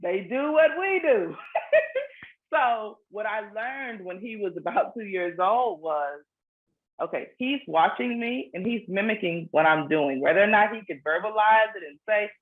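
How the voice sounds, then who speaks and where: A woman's voice: mid-range voice, unhurried. A woman, a children's book author, explaining things earnestly in a casual interview, often restarting her phrases. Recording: phone-like narrow sound.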